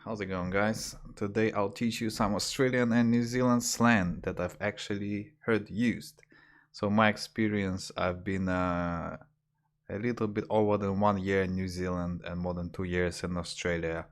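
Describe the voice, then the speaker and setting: A man teaching slang on a livestream, talking hesitantly with fillers and restarts, jumping higher when he imitates phrases. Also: steady tone, normal speed. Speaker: language teacher. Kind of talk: casual livestream lesson.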